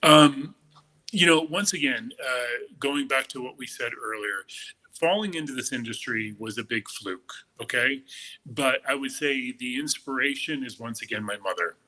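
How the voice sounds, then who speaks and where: A middle-aged man speaks with a bright, forceful tone and plenty of gushing enthusiasm. His pitch sits right in the usual middle for a man. He talks casually as a guest in an interview. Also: normal speed, poor audio. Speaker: makeup artist guest.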